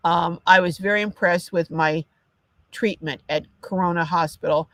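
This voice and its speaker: A woman's voice: fairly low pitch, fairly even intonation, normal speed, fairly bright tone, dry recording. An older woman hosting a live chat, ranting with indignation and reading out viewer comments. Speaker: livestream host. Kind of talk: casual livestream chat.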